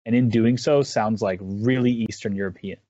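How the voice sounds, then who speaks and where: A man with a fairly low voice, talking as an interview guest in an easy, rambling way with plenty of false starts. The sound is dry and close, with a dull, lo-fi quality like an online call. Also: fairly even intonation, dark tone, no room sound. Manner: rambling, halting, with many restarts. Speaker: interview guest, esports caster. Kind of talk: casual chat.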